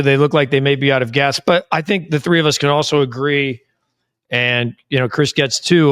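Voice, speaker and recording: A man hosting a sports podcast, speaking in a measured way and steering the discussion. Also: mid-range voice, a bit bright, smooth, no room sound, clean studio sound. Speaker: podcast host. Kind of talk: casual sports chat.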